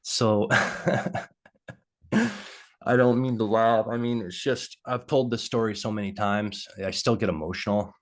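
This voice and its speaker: Guy with a really low voice, telling his story on a video call, lots of ums and pauses. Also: fairly even intonation. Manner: halting, heavy with fillers. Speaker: interview guest.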